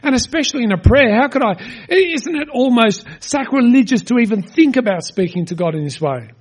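A middle-aged man delivers a sermon in a high-pitched voice. He speaks earnestly and conversationally, leaning on rhetorical questions to draw his congregation in. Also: expressive, brisk. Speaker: pastor.

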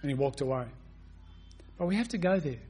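A man's voice: on the high side, expressive, a little fast, darkish tone, breathy edge. A man preaching an expository sermon, reading scripture aloud and putting rhetorical questions to his listeners. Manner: reads scripture aloud at length.

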